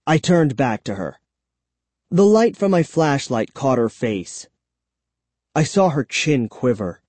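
A narrator reading a first-person story aloud in a slow, measured, lively way. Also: medium pitch, no echo. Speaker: audiobook narrator.

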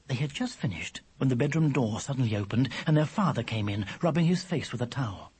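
A narrator reading a children's story aloud, with a measured delivery that drops low for the speech tags. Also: big pitch swings, darkish tone, slightly rough. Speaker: audiobook narrator.

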